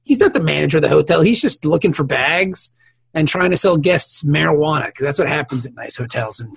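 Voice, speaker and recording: Gravelly, husky man recapping a show. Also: on the high side, expressive, fairly quick, no echo. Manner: rambling, profane, laughs often. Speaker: podcast co-host. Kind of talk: casual chat recapping a TV episode.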